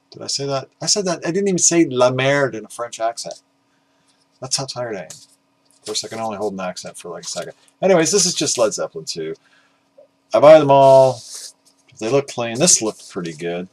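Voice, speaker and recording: An exhausted middle-aged man, up all night, talks through his record pile in a loose, rambling way. His voice sits at an ordinary middle pitch, and he trails off into fillers and mutters jokes at his own expense. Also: a little mellow. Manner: rambling, self-deprecating, with frequent "uh" fillers. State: exhausted, up at five in the morning. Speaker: record collecting video host. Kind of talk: casual rambling vinyl chat.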